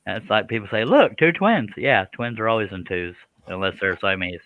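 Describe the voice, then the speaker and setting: A man's voice: deep voice, fairly even intonation, a little fast, narrow, tinny audio. A man hosting a casual live stream, joking and mocking himself as he rambles. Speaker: host of a woodworking live stream.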